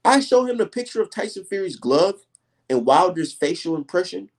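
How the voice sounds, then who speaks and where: Animated man ranting on a livestream. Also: sits high, moderate pace. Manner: emphatic, profane, animated storytelling. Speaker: livestream host. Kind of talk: casual livestream rant.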